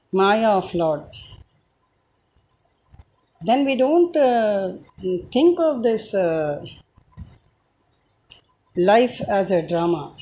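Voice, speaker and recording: A woman giving a reflective spoken talk, hesitant and pausing often on filler sounds. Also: fairly high pitch, mellow, rough recording. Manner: hesitant, with frequent filler pauses. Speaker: speaker giving a short talk.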